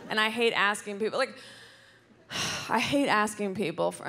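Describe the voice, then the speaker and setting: A woman's voice: medium pitch, normal speed, pauses often, background noise. A woman performing a rambling, self-deprecating stand-up set on stage in front of a live audience. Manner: rambling, self-deprecating, with loud put-on voices. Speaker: stand-up comedian. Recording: live crowd recording. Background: audience laughter.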